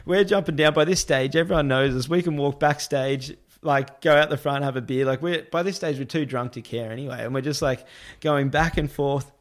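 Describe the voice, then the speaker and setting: A man chatting loosely on a podcast with a mid-pitched, everyday voice. He tells a rambling story, laughs as he goes, and jumps up in pitch to act out what others said. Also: brisk, few pauses. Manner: animated, quotes others in a raised voice with many "I'm like" asides; laughs often while telling the story. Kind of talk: casual anecdote telling.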